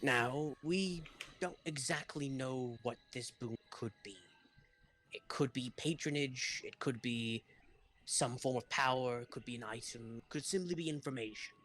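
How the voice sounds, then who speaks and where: A man narrating as game master, speaking in a measured, formal manner. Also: medium pitch, fairly bright tone, slight background noise.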